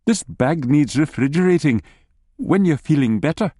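A man voicing a brisk, bossy wife who chides her husband in a bright, teasing way. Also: sits low, lively intonation, no room sound, studio quality, voice pushed up. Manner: bright, chiding.

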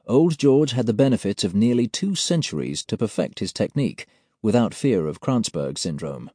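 A man reading an audiobook in a measured, formal manner, as if delivering an official report. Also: on the low side, dark tone, no room sound, studio quality. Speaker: audiobook narrator. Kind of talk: scripted audiobook narration.

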